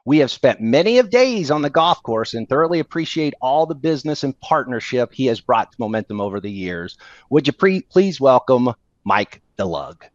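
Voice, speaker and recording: A man co-hosting a podcast, telling stories in a casual, animated way and laughing often, on a dull, dry recording. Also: medium pitch, moderate pace, no echo. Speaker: podcast co-host. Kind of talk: casual storytelling chat.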